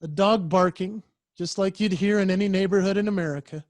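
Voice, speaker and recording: A man who is a professional speaker, telling a story in a lively keynote style and acting out voices and sounds over a video call. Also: high voice, brisk, no room sound.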